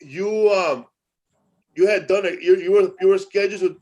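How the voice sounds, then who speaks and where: Teasing male podcast host, slightly high. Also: steady tone, normal speed, darkish tone, low-quality recording. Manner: joking, teasing interviewer. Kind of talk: casual podcast chat.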